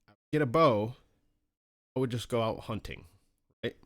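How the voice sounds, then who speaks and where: A man on a casual podcast, swearing freely as he tells a gaming story. His voice sits at a middle pitch, but it shoots up high and squeaky whenever he acts out his own excited asides. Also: normal speed. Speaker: podcast co-host.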